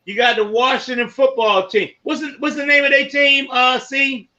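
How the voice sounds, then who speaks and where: A man hosting a casual sports podcast, running through football results and giving shout-outs to listeners by name. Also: extremely high pitch, fairly even intonation, moderate pace, lo-fi sound. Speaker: podcast host.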